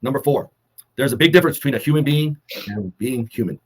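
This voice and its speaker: A man co-hosting a fitness talk, delivering earnest, measured motivational advice and holding back emotion. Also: mid-range voice, animated, a little mellow, slightly rough. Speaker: co-host of a fitness summit talk.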